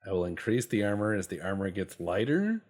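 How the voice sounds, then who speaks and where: A man's voice: low-pitched, big pitch swings, a little fast, a little mellow. A man hosting casual gameplay commentary, rambling and joking, and swearing freely as he goes. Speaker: gaming channel host.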